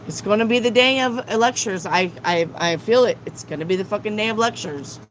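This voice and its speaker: A woman's voice: mid-range voice, a little fast, a little hiss or hum, low-quality recording. A woman tarot reader on a live stream, lecturing her viewers bluntly and swearing often.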